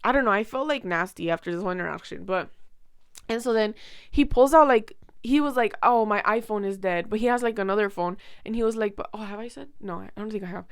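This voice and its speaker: A young woman vlogger telling a rambling, animated story in casual chat, full of fillers and quoted back-and-forth. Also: medium pitch, a little fast, clean tone, dry recording, studio quality.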